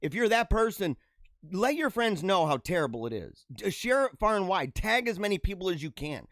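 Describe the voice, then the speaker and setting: A man with a fairly high, very lively voice hosts a casual livestream. He chats through viewer comments in an animated way and often drops into low asides. His radio-style mic sounds close and dry. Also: normal speed, no echo. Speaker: livestream show host. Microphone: radio-style studio mic.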